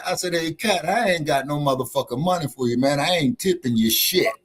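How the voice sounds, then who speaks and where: A man co-hosting a casual online chat show, telling profane, animated stories about his delivery work. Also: a little high, normal speed, hardly any pauses, husky. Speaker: co-host.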